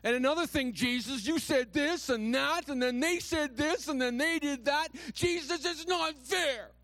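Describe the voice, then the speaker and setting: A man's voice: very high-pitched, a little slow, a bit bright, no room sound, pitched above the performer's own voice, full character voice. A preacher putting on a whiny, complaining man. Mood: whining. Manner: whining, accusing.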